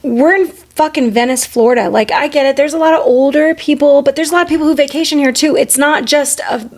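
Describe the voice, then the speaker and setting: A woman's voice: sits high, brisk, darkish tone. A woman in her forties hosting a podcast, telling candid personal stories in casual chat, swearing freely. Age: 40s. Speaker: podcast host.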